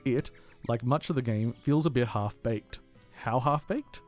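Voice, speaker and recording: Man, podcast co-host, mid-pitched voice, enthusiastic and chatty, game review read aloud, radio studio. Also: measured pace, faint music behind. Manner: enthusiastic, chatty, laughs easily. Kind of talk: casual chat, then read-out review.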